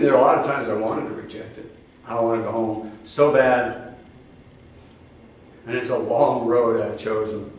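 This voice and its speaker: A man's voice: mid-range voice, a little hiss or hum. Older man preaching in a roomy echo. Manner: folksy, conversational preaching with asides and rhetorical questions. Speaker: spiritual teacher. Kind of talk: spoken sermon. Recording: roomy echo, speaker far from the mic.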